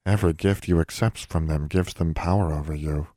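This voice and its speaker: A man's voice: rumbling low, steady tone, fairly quick, no echo, studio quality. A man whispering as a timid little elf servant. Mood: hushed. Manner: soft hushed third-person speech.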